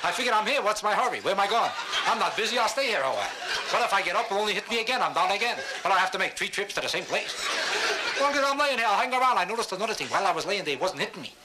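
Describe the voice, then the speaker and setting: Fast-talking stand-up comic, deadpan boasts. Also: male voice, sits high, very noisy. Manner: deadpan boastful delivery with mock-serious asides. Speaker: stand-up comedian. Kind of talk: stand-up routine. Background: audience laughter.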